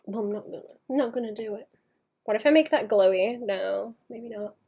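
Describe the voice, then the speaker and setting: A woman livestreaming her painting, chatting casually and thinking aloud in soft mutters that trail into whispers, second-guessing her work. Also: on the high side, fairly quick, breathy edge. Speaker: artist streaming her painting.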